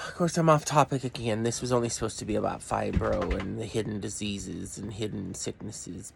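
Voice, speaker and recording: Gravelly middle-aged guy venting, swears a lot, rambles all over the place. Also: on the low side, slight background noise. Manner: blunt, profane, rambling off topic. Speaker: vlogger. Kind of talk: rambling rant to camera.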